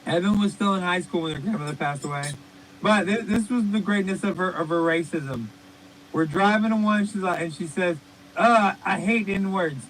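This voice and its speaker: A man's voice: high-pitched, fairly quick, slight background noise, rough recording. A man co-hosting a podcast, telling rambling, profane stories in casual comedic chat. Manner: rambling, profane, animated storytelling. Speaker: podcast co-host.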